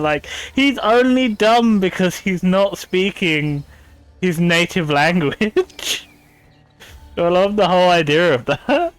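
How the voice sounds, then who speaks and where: A man's voice: sits high, expressive, slow, smooth, no echo. A young man streaming a video game, chatting casually in a rambling way and laughing often. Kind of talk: casual gameplay commentary.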